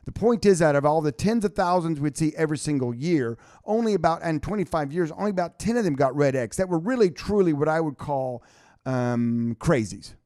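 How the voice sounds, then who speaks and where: A middle-aged man co-hosting a talk show in an animated, storytelling way. His voice sits a bit high, and he slips into little acted quotes. The recording is dry and close. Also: brisk, dry recording. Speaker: co-host, business coach. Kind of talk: casual radio talk show. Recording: dry studio sound.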